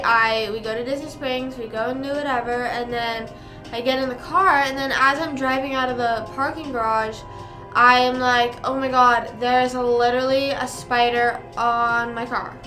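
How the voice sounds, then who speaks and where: A woman's voice: high voice, fairly even intonation, moderate pace, pushed and bright, soft background music. A young woman streamer casually telling a story, rambling with lots of fillers and casual swearing.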